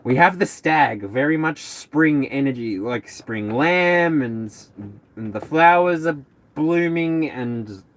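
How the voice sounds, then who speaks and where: A man's voice: on the high side, expressive, slow pace. Chatty man doing a live tarot reading. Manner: chatty, laughs often, rambling. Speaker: tarot reader. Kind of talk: casual live-stream chat.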